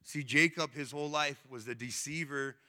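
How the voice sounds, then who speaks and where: A man preaching a sermon in a casual, animated storytelling way, with slang and asides. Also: a little high, moderate pace. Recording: long reverb.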